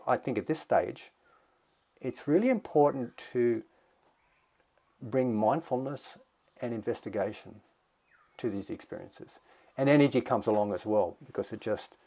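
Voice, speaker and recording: Reflective male meditation teacher, slow pace. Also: medium pitch, gravelly, warm tone. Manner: slow, reflective, with thoughtful pauses. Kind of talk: dharma talk.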